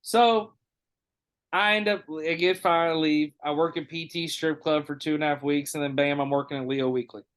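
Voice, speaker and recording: Profane, animated man hosting a podcast. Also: fairly high pitch, normal speed, smooth. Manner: animated, profane, acts out others' lines. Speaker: podcast host. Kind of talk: casual podcast storytelling.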